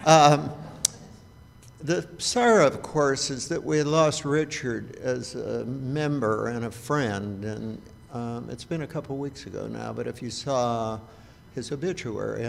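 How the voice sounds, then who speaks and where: Gravelly man making church announcements. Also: mid-range voice. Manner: plainspoken, halting with fillers. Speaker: congregant giving announcements. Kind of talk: casual announcements to a congregation. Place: church sanctuary. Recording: hall reverb with faint background noise.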